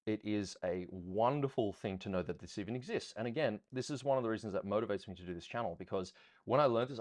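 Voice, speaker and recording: A man teaching ballroom dance in a rambling, chatty Q&A style, often counting beats out loud. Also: fairly low pitch, dry recording. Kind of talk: casual teaching Q&A.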